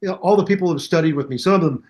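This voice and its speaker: An older man chats as an interview guest, spinning animated stories about teaching bass. His voice sits a little high for a man, and he breaks into scatted bass lines to demonstrate. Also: very fast. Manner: animated storyteller who scats bass lines aloud. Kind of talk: casual storytelling interview.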